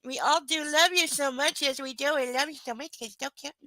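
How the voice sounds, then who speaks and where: A woman with a high, bright voice hosts a casual livestream from home. She drifts between cooing baby talk at her dog and dry sarcasm about the book. The sound is close and dry. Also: fairly quick, no echo, low-quality recording. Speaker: livestream reader and host.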